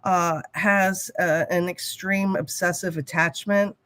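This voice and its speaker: A woman co-hosting a casual talk show and telling a story in a blunt, animated way, swearing freely. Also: lowish voice, takes it slowly. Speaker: talk show co-host, hypnotherapist.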